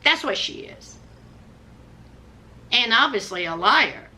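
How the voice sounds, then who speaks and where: A woman's voice: fairly high pitch, very animated, slow, bright, forceful tone, a little hiss or hum. A woman giving sassy, dramatic, scolding commentary on a reality show in a vlog.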